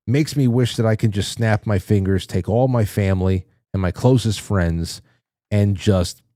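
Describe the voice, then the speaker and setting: A man's voice: medium pitch, a little mellow, dry recording, clean studio sound. A man hosting a live show, chatting casually and candidly with his audience, rambling and swearing now and then. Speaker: podcast host. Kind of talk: casual livestream chat. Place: dim small studio room.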